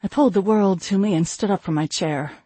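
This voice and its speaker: A man reading a first-person fantasy novel aloud in a steady storytelling voice. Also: high-pitched, brisk, husky, no echo. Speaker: audiobook narrator.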